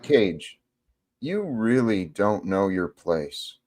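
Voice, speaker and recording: A man hosting a casual online chat, speaking in a measured, scolding way. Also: fairly low pitch, big pitch swings, darkish tone, slight background noise. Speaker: host.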